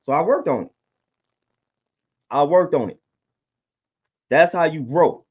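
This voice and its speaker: A man's voice: fairly high pitch, lively intonation, takes it slowly, husky, muffled recording. A man talking casually on a livestream, laid-back and preachy, often repeating his points. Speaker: livestream host.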